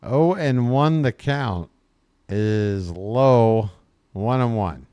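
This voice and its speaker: A man hosts live fan play-by-play of a baseball game in a folksy, joking way. His voice is smooth and clear, and he takes his time. The sound is dry and close-miked. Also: mid-range voice, extremely slow, dark tone, no echo. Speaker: play-by-play host.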